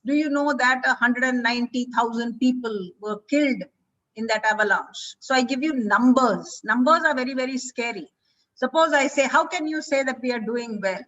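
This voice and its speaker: A woman's voice: on the high side, fairly bright tone. A woman, an English teacher and author, giving an emphatic, confident lecture. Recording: dull, distant mic.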